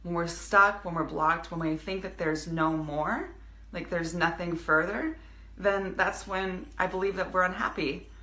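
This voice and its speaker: A woman's voice: fairly low pitch, fairly even intonation, unhurried. Earnest woman coach in an echoey room. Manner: warm, earnest, many restarts and fillers. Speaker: business coach and speaker. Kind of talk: casual motivational live video.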